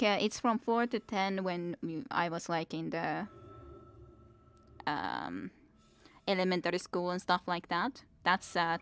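A woman's voice: lowish voice, vocal fry, a bit bright. A woman in her twenties streaming a game, chatting casually and answering her chat between moments of play. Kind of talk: casual live-stream chat while gaming.

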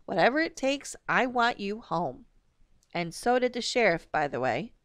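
A woman's voice: mid-range voice, sing-song, normal speed, fairly bright tone, dry recording, studio quality, pitched above the performer's own voice. A woman reading aloud, voicing a stern mother who speaks tersely and crossly. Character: stern, exasperated mother, calm and curt.

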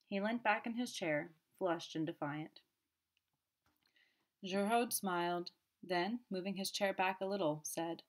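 A woman narrating an audiobook in a steady, measured way. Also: fairly low pitch.

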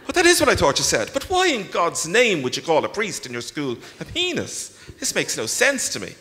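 A man's voice: high voice, huge pitch swings, a little fast, sharp tone, slight background noise, voice pushed up, heavily acted. A man reading aloud, voicing an elderly, stern priest who scolds and frets in the confessional. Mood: scolding. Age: older than 60. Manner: scolding, exasperated, indignant. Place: large concert hall. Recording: long concert hall reverb.

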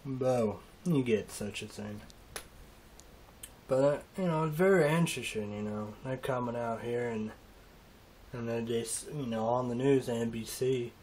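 A male vlogger's mid-range, slightly mellow voice carries a casual, emotional monologue that halts, rambles, trails off, and restarts often. There's a little hiss or hum in the audio.

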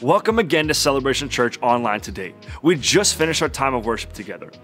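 Fast-talking male church announcer. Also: medium pitch, sing-song, a bit bright, faint music behind. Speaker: online service host.

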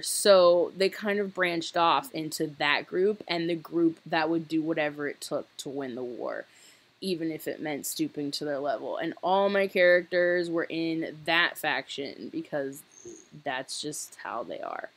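A young woman chats her way through a life-sim game, rambling and laughing at herself. Her voice sits low, and she takes her time. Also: measured pace. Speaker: gaming channel host. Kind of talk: casual gameplay commentary.

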